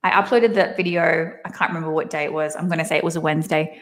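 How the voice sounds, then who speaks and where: A woman's voice: sits low, quick pace. A woman in her thirties with an Australian accent, a guest chatting casually from home over a video call and laughing often. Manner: laughs often, animated storytelling. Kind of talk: casual chat.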